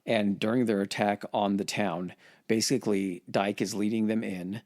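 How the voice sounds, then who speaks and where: A man's voice: on the low side, fairly even intonation, moderate pace, darkish tone. A man casually retelling war history on a podcast, swearing and acting out quotes in voices. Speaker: podcast host.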